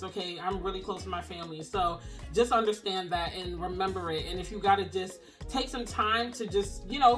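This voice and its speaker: A woman's voice: medium pitch, fairly bright tone. A young woman, speaking earnestly and emotionally to camera as a single-mom vlogger, using casual phrasing. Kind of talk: heartfelt encouraging talk to camera.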